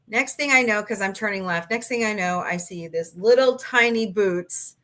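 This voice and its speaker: Chatting with viewers and reading their comments, a middle-aged woman on a livestream spins rambling stories sprinkled with mild swearing. Her voice sits in the mid range with a slight brightness.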